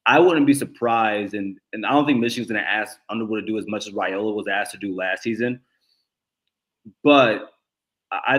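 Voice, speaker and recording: Guy in his 30s, kinda low voice, keeps tripping over his words talking football. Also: a bit bright. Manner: halting, many stuttered restarts. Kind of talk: casual sports talk.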